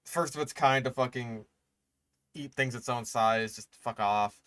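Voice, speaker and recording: A young man reacting on a stream, exasperated and sarcastic, swearing freely as he picks things apart. His voice sits at a medium pitch and sounds close and dry, with no room around it. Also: unhurried, a bit bright, clean tone, no room sound. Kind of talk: casual reaction commentary.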